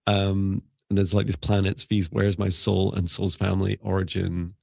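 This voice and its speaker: Gravelly low-voiced man musing on a live stream. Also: completely flat delivery, moderate pace, a little mellow, no echo, studio quality. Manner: rambling, musing, laughs often, self-correcting. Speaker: psychic mentor and live show co-host. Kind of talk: casual live-stream chat.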